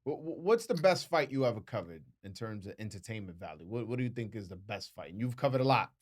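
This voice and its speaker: A man's voice: on the low side, fast. A man hosting a podcast interview, asking questions and adding short backchannel responses. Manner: brief backchannels, animated questions. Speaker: podcast host. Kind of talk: casual interview chat.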